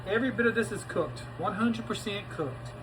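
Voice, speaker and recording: A chatty man hosts a home cooking show, talking straight to his viewers as he cooks and tastes. His voice sits a bit high for a man, and the sound carries a faint hiss. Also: moderate pace. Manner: chatty and folksy, talks to viewers while tasting. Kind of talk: casual cooking demonstration to camera.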